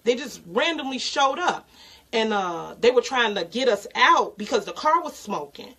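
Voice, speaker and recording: A young woman telling a personal story in a casual, halting way with many pauses. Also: on the high side, sing-song, a bit bright, slightly rough, low-quality recording. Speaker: podcast co-host.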